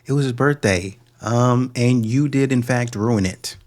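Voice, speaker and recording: A man's voice: mid-range voice, a little slow, darkish tone. A man hosting a reaction video, giving sarcastic and scolding commentary on a played clip.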